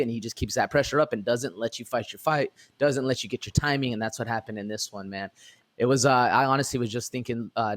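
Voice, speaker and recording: A man co-hosting a podcast, giving relaxed, rambling fight analysis, full of fillers and "man". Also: medium pitch. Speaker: podcast co-host. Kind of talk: casual MMA fight analysis.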